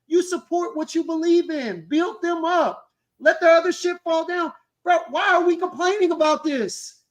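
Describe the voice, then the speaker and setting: A man co-hosting a casual chat, caught mid-rant. He swears freely and hammers the same points over and over, loud and emphatic. He sounds like he is talking on a video call from home. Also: extremely high pitch, normal speed. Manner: profane, emphatic, repeats himself. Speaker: co-host.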